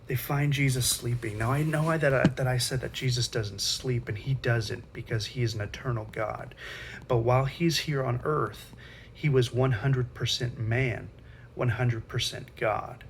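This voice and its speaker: A man's voice: mid-range voice, fairly even intonation, normal speed, noisy background. A man teaching Sunday school, retelling a Bible story in a casual, conversational way with slangy asides.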